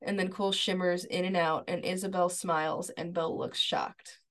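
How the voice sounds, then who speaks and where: A woman's voice: lowish voice, little pitch movement, normal speed, fairly bright tone. A woman co-hosting a podcast, chatting casually and retelling scenes from an episode step by step. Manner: agreeable, many fillers like "like" and "yeah". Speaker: podcast co-host. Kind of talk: casual chat, recapping a TV episode.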